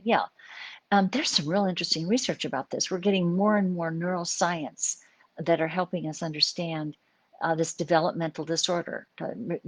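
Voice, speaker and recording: Low-voiced woman explaining calmly. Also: no room sound. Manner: chatty, explanatory, many fillers and restarts. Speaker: psychologist answering viewer questions. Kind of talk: live-stream talk answering viewer questions.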